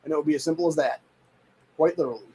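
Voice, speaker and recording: A man's voice: on the high side, very fast, darkish tone, breathy edge, low-quality recording. A man hosting a show, ranting in a heated, profane, rambling way and saying "dude" often. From United States. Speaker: show host. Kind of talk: casual political rant.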